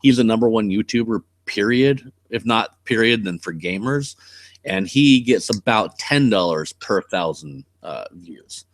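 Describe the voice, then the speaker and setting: Blunt low-voiced American man. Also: animated, a little slow, no room sound, clean studio sound. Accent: West Coast American. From US West Coast. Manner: blunt, rambling, swears freely. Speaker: channel host. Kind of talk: casual live-stream chat.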